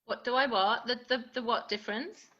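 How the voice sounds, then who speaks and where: A woman's voice: on the high side, a little fast, sharp tone, dull audio. A woman playwright answering questions casually, hesitant and repeating words. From Essex, England. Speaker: playwright guest.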